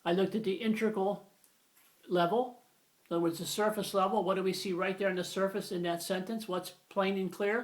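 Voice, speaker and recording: A man's voice: sits high, little pitch movement, brisk. A man giving a grammar video lesson, patient and emphatic, repeating his key phrases. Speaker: grammar teacher.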